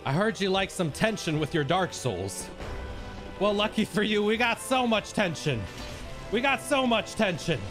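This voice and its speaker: A man streamer giving excitable live gameplay commentary to his chat, swinging between hushed talk and shouting. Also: high-pitched, normal speed, music in the background.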